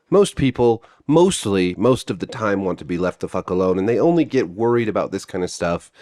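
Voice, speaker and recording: A man with a low voice gives an opinionated, sarcastic video commentary. He swears bluntly and swings his pitch up and down a lot. He is close to the mic. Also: a little mellow.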